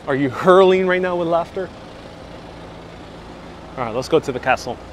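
A man with a slightly high, animated voice walks the streets of a town, hosting a live travel stream at a moderate pace. He chats and jokes while answering viewer comments, speaking into a wireless clip-on mic that picks up a little hiss or hum.

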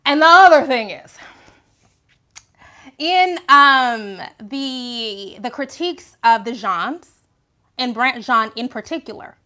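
Woman, live commentary host, high voice, emphatic, rhetorical questions. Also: lively intonation, slow, pauses often, bright, forceful tone.

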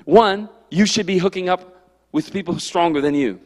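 A man preaching an energetic youth sermon as pastor, storytelling and acting out quotes with lively bursts. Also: high voice, normal speed. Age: adult. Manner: animated, storytelling with acted-out quotes. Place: church sanctuary. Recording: church hall reverb.

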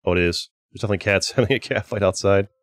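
A man's voice: fairly low pitch, racing, fairly bright tone. A man hosting a gaming channel, giving casual gameplay commentary in a chatty way, with exasperated outbursts at his teammates. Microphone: desk microphone.

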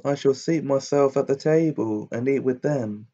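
A man's voice: mid-range voice, moderate pace, mellow, dull audio, lightly acted. A man reading a fairy tale aloud, voicing a bold, hungry soldier who speaks in a cheerful, defiant way.

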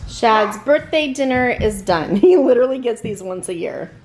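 A woman's voice: on the high side, animated, normal speed. Giggly woman vlogging in her kitchen. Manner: chatty, giggly, narrates cooking to camera. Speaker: vlog host and mother. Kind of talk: casual family vlog chat. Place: home kitchen. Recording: home recording with background noise.

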